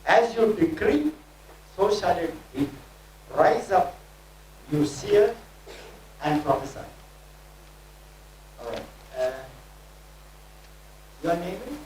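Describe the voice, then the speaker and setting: Declamatory preacher in a booming echoey hall. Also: male voice, lively intonation, darkish tone. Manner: declamatory, proclaiming scripture-laden decrees with slow emphatic phrases. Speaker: prophet leading a training session. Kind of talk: prophesying over individuals. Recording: very echoey room, distant mic, faint hum.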